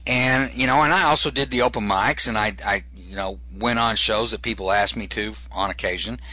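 A stand-up comedian telling a story in an interview, animated and repeating words for comic effect. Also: male voice, on the low side, fairly quick.

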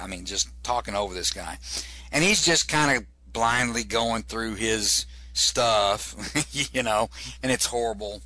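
A man's voice: medium pitch, pushed and bright, no room sound. A middle-aged man, a comedian, telling a long rambling anecdote in casual conversation and repeating words for comic effect. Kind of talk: casual storytelling.

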